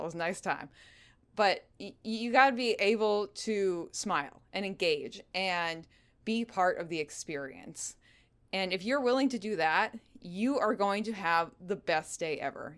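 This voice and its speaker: A woman's voice: on the low side, fairly bright tone. Encouraging woman podcast host. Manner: encouraging, repeats reassurances. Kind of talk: motivational pep talk.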